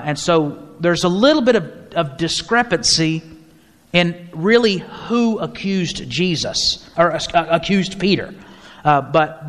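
In a church hall with long reverb, a male pastor leads a mid-week Bible study, teaching conversationally, often restarting phrases and inviting the group's questions. His voice is fairly high and a bit bright.

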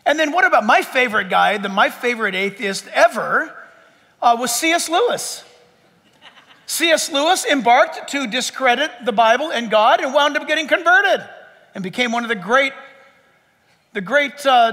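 High, bright-voiced preaching man in a hall. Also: moderate pace. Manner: animated, joking preacher with mock quotes. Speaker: pastor. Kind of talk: sermon.

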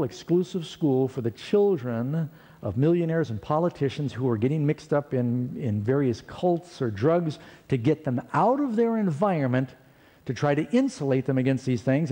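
Animated man preaching in a big hall. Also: fairly high pitch, moderate pace, breathy edge. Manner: animated storyteller, acts out quotes. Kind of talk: sermon storytelling. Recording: long hall reverb.

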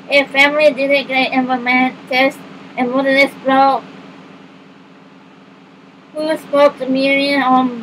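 A woman reading book blurbs aloud in a halting way, stumbling and misreading words as she goes. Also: sits high, fairly bright tone, slight background noise, low-quality recording.

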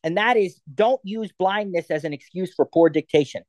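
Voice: mid-range voice, moderate pace, a little mellow, dry recording. Chatty instructor, dry close sound. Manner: chatty and digressive, thinks aloud with many fillers. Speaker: assistive technology instructor. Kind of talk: live class demonstration.

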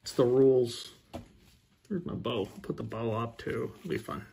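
A man's voice: medium pitch, normal speed, creaky, mellow, a little hiss or hum. A man opening packs of baseball cards, rattling off player names with joking asides in a casual chat. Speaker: card breaker.

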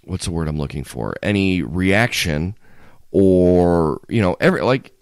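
A man's voice: low-pitched, unhurried, no room sound, clean studio sound. A man co-hosting a podcast, rambling in casual chat with many restarts. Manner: rambling, restarts often, animated. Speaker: podcast co-host.

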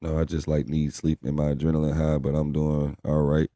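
With a monotone bass voice that's brisk and mellow, this young man co-hosts a laid-back live stream and swears freely while bluntly preaching at viewers. There's no echo on the track.

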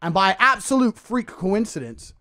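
A man from England telling a story on a podcast, boastful and animated, laughing often. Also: sits high, moderate pace. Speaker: guest.

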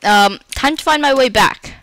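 A woman's voice: sits high, normal speed, fairly bright tone, a little hiss or hum. A woman giving chatty gameplay commentary, breaking into dramatic squeals and panicked repeated cries. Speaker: Minecraft let's-play creator.

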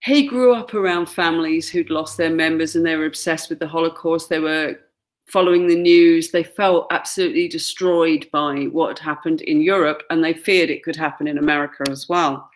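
A woman's voice: sits low, steady tone, normal speed. A woman gives a classroom lecture, pointing out pictures and acting out quoted lines. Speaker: teacher.

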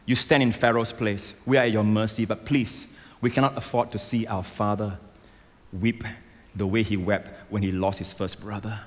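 A man preaching a sermon as a pastor, emphatic and rising to loud exclamations, on a stage microphone in a large church. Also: on the low side, flat delivery, moderate pace. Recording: long hall reverb.

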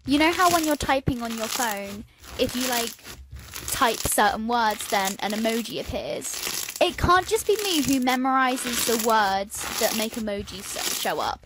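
A woman's voice: a little high, lively intonation, unhurried. A woman chatting casually about a habit, rambling and saying "like" often. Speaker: storyteller. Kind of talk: casual chat. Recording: crinkling and clicking noise behind.

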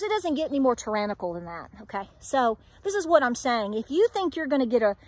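A woman's voice: fairly high pitch, dry recording. A middle-aged woman with an Appalachian accent, talking straight to her viewers in an emphatic, preachy way full of rhetorical questions. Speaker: homestead vlogger. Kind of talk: candid talk to camera.

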